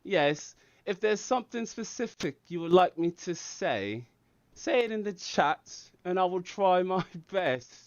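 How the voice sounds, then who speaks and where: A man's voice: high voice, lively intonation, measured pace, dry recording, lo-fi sound. A man hosting a live stream Q&A, reading chat messages aloud and playing up a mock English accent. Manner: reads chat aloud, laughs often. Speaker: livestream host.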